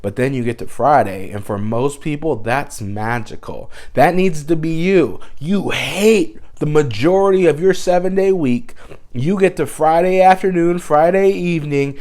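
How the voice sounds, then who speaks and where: Sarcastic dad vlogger, playful. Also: male voice, fairly high pitch, expressive, a little slow. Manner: mock-serious, sarcastic, swings between hushed and loud bursts. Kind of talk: sarcastic advice vlog.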